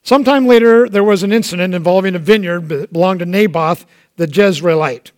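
A man's voice: high voice, fairly quick, darkish tone. A man preaching a sermon, talking conversationally and acting out quoted lines with dramatic voices. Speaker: pastor.

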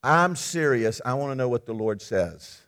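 Man playing a stubborn ancient king, evasive, stammering, casual, mid-pitched voice. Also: expressive, normal speed, a bit bright. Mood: insistent. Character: scheming ancient king, evasive and self-willed.

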